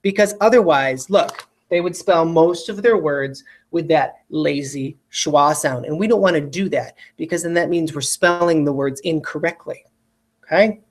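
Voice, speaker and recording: A patient teacher leads a recorded spelling lesson for children in a voice of ordinary middle pitch. Each example word is spoken slowly and said twice, with careful, exaggerated enunciation. Frequent check-ins of "okay?" keep the pace gentle and encouraging.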